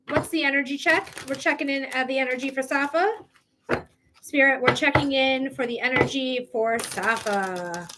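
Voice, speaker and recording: A woman's voice: high-pitched, noisy background. A woman hosting a live tarot reading, chatty and emphatic, who swears casually. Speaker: psychic reader, livestream host.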